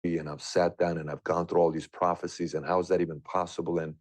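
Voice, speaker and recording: Guy in his 30s rambling through a personal story, earnest and questioning, deep voice. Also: flat delivery, fast, no room sound. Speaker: guest sharing a personal story.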